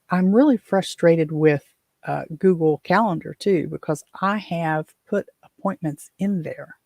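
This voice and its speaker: A woman's voice: sits low, vocal fry, mellow, no room sound. A middle-aged woman from West Virginia hosting her own show, rambling through exasperated stories with lots of fillers. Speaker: podcast host. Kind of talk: casual chat.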